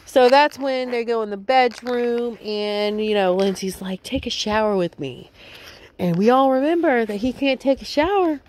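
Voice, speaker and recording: A woman's voice: a little high, normal speed, hardly any pauses, darkish tone, a little hiss or hum. A woman casually recapping a reality show episode, rambling and chatty, with lots of filler words.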